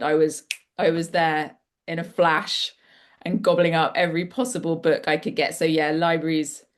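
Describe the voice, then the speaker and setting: Woman, author, rambling, enthusiastic, video call audio, slightly low voice. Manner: rambling and enthusiastic, with many restarts. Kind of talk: casual discussion at an online book launch.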